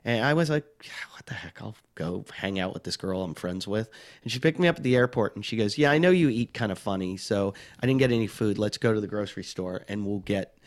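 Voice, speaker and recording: Middle-aged comic, lowish voice, rambling anecdotes, self-mocking, acts out quotes. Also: male voice, lively intonation, quick pace. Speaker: touring stand-up comic, podcast guest. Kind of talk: casual storytelling chat.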